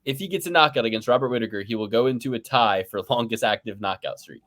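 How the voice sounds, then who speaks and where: A man's voice: medium pitch, fast talker, fairly bright tone. A man co-hosting a sports betting podcast, teasing and playful, laughing often in casual chat. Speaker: podcast co-host making fight picks.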